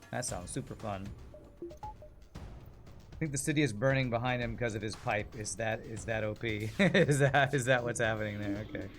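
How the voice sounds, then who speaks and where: Man, game streamer, casual rambling talk, frequent laughs, mid-range voice, faint background music. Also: mid-range voice. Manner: rambling, chatty, laughs often. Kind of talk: casual gameplay commentary.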